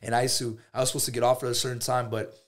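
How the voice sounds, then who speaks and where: Brief: male podcast guest, rapid casual storytelling with lots of slang, mid-range voice. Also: mid-range voice. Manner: animated, slangy, says "bro" often; quick talker.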